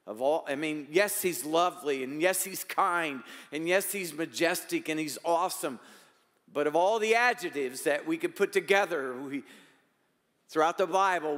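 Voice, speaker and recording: A man preaching a sermon as pastor, shifting between emphatic raised lines and quiet asides. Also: a little high, moderate pace, big-room sound.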